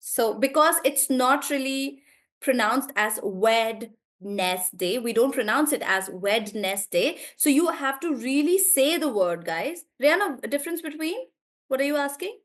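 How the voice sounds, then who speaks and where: Young woman teacher, a little high, encouraging, checks words aloud on a video call. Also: animated, a little slow, fairly bright tone. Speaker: online English teacher. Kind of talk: live online class, coaching students on syllables.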